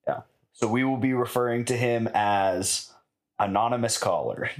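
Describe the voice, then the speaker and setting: A man hosting a podcast in casual chat, laid-back and quick to laugh. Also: mid-range voice. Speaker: podcast host.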